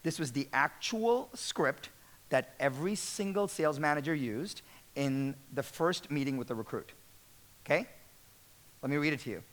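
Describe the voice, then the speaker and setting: Male keynote speaker with a high voice, energetic and conversational, peppers the audience with questions. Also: moderate pace. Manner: energetic, repeats words, asks audience questions. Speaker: speaker addressing real estate managers. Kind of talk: motivational business talk.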